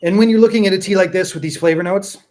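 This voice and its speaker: A man's voice: sits high, very fast, a little mellow. A man hosting a casual tea tasting chat, rambling and repeating himself for emphasis. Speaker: tea seller and show host.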